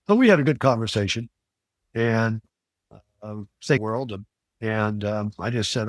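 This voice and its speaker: An older man from Missouri telling a personal story in a casual, halting way, with many fillers and restarts. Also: lowish voice, no room sound, clean studio sound. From Missouri, USA. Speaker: private investigator podcast host.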